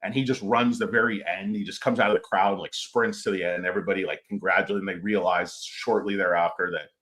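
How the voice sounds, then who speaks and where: A man's voice: low voice, fairly even intonation, fast talker, a bit bright. A man giving a casual, rambling stock market commentary, opinionated and full of filler words.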